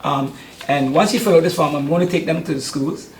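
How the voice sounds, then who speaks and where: A man's voice: fairly high pitch, fairly even intonation, a little fast, a little hiss or hum. An older man, chatting in an interview about the youth sports camp he runs, with many hesitant ums. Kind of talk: casual interview. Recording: roomy studio sound.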